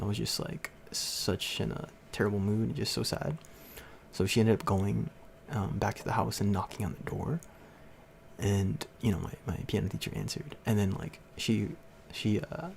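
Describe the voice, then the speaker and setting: Rambling through a story for his livestream chat, a young host laughs often and uses many fillers. He speaks at a moderate pace in a fairly low, gravelly voice with fairly even intonation, and a little hiss or hum is audible.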